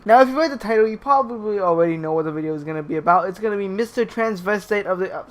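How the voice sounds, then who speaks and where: A man's voice: high-pitched, animated, quick pace. A young man commenting on clips, swearing constantly and stumbling over his words as he restarts them. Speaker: YouTube commentator. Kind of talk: profane rant commentary.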